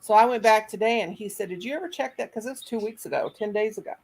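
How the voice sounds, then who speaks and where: A middle-aged woman hosting a livestream, talking in an excitable, chatty, rambling way. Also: medium pitch, fast, rough recording. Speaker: livestream host. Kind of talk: casual livestream chat. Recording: faint background noise.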